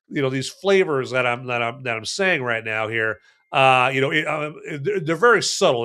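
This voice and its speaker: A man's voice: medium pitch, pushed and bright, smooth. A man casually reviewing a beer on a podcast, rambling with lots of fillers, restarts and jokes. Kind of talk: casual chat.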